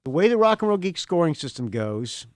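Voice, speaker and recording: Middle-aged guy rambling on his podcast, kinda high voice, dry close mic, cracks jokes. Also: very animated, brisk, no room sound. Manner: rambling, joking, with fillers and restarts. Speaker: podcast host. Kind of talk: casual solo podcast talk.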